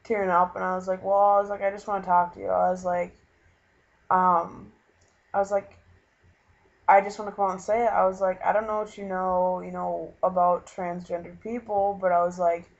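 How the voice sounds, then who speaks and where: A young man from Minnesota talking earnestly in a casual vlog, halting and full of fillers as he retells a conversation. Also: high voice, level tone, gravelly. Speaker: vlogger. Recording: dull lo-fi webcam recording.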